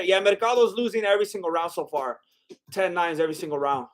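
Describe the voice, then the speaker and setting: A man's voice: high voice, quick pace. A young man giving casual live fight commentary as a streamer, exclaiming at big shots and chatting with his viewers.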